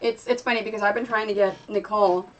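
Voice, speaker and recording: A woman's voice: mid-range voice, steady tone, fast, lo-fi sound. A woman streamer chatting casually while she sews at home, rambling and talking to her dogs. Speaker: streamer and quilter. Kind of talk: casual chat while sewing. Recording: distant mic with faint noise.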